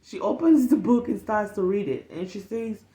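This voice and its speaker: A woman telling stories in casual talk, animated and profane, acting out the people in them. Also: mid-range voice, moderate pace, reverberant, highs cut off. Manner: animated, profane, acts out the people in her story. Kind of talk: casual storytelling.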